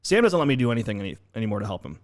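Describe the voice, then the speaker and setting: A man co-hosting a podcast, chatting quickly and casually with stumbling starts into a studio microphone. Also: lowish voice, sing-song. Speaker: podcast co-host. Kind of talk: casual chat.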